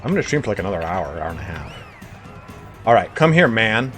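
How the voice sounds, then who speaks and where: Chatty male game streamer, animated delivery, soft music under him. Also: fairly low pitch, a little fast. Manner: chatty, greets viewers, bursts into excited reactions. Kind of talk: casual live-stream commentary.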